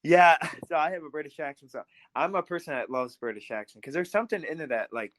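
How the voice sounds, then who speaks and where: A man's voice: on the high side, quick pace, a bit bright, slight background noise. A man hosting a podcast, talking casually and laughing as he speaks. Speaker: podcast host.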